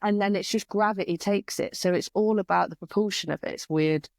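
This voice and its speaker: A woman with an English East Midlands accent, a podcast guest telling stories in an animated, chatty way. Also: medium pitch, a little fast, no room sound, studio quality. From East Midlands, England. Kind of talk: casual conversation.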